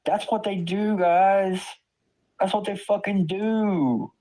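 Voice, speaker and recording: A man's voice: high voice, slow, dark tone, poor audio. Profane, fuming man ranting. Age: adult parent. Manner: angry, profane, stammering with disbelief. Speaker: streamer ranting about online drama. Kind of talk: heated profane rant.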